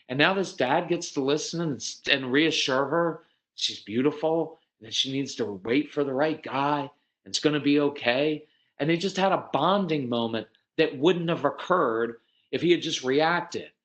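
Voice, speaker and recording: Man, fairly high voice, folksy and animated parenting-seminar speaker who coaches dads. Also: normal speed. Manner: animated, acts out quoted parents with sudden pitch jumps; folksy, earnest, addresses dads directly.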